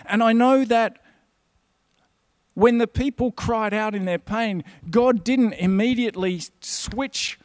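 A slightly high-voiced man preaches a sermon that feels conversational and sincere. The sound is close and dry, with no room sound.

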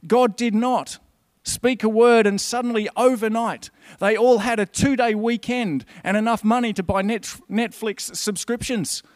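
A man's voice: sits high, fairly even intonation, unhurried, hardly any pauses, no echo, studio quality. A man preaching a sermon in a conversational, earnest way. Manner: conversational, earnest, with quoted inner voices.

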